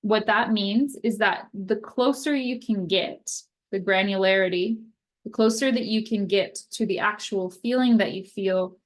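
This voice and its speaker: A young woman explains communication skills in a relaxed, conversational teaching manner. Her voice sits at a mid pitch, and she often checks in with "right?" before acting out little example phrases. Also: unhurried. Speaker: occupational therapist. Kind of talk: casual explanatory talk.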